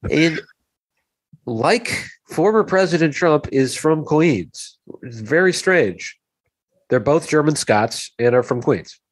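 A man's voice: fairly high pitch, animated, slow pace, dry recording. A man co-hosting a casual comedy podcast, rambling in a wry, self-deprecating way, with an American accent. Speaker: podcast co-host.

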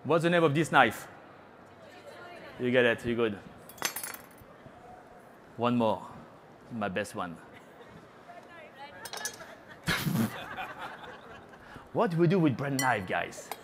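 A man's voice: medium pitch, lively intonation, slow pace, long pauses, a bit bright, slight background noise. A middle-aged man with a French accent, a chef giving a live cooking demonstration on a trade-show stage, chatty and playful, teasing the audience and dropping French words into his talk. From France.

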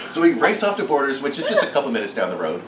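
A middle-aged man giving a keynote talk, telling a story with lively acted-out quotes. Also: mid-range voice, fast talker, a little hiss or hum. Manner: animated, acts out quotes with laughs. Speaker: keynote speaker. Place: lecture hall. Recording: echoey hall from far off.

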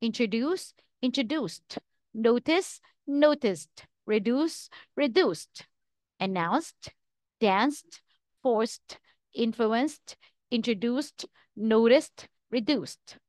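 A woman teacher drills English pronunciation, speaking each word very slowly and with careful enunciation. Her voice sits a little high. The recording is dry and close, with no room sound. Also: lively intonation, a little mellow, no echo. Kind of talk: slow, deliberate pronunciation drill.

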